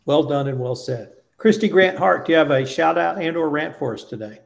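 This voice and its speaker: A man's voice: fairly high pitch, fairly quick, vocal fry. A man hosting a roundtable podcast, talking casually and emphatically, building up points in lists. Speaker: podcast host.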